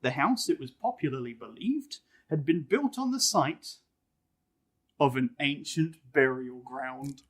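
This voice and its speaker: A man co-hosting a casual podcast, joking around and reading an old ghost story aloud with lively expression. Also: mid-range voice, measured pace, slightly rough. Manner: wry, jokey, reads with lively expression.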